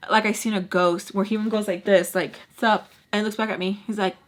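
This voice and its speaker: A young woman casually retelling a personal story for her vlog, animated and swearing freely. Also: medium pitch, quick pace. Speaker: vlogger.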